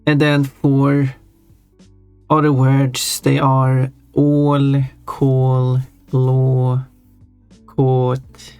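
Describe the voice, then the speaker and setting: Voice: mid-range voice, completely flat delivery, extremely slow, a little mellow, clean tone, no room sound. A live streamer chatting casually while drawing, musing in a rambling, self-deprecating way. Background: faint chill background music.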